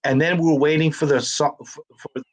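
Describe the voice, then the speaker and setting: A man tells stories in a relaxed, chatty way, jumping into quoted dialogue with lively energy. His voice sits a little higher than most men's. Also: fairly quick. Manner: animated storyteller who acts out quoted dialogue. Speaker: actor and comedian guest. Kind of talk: casual storytelling in conversation.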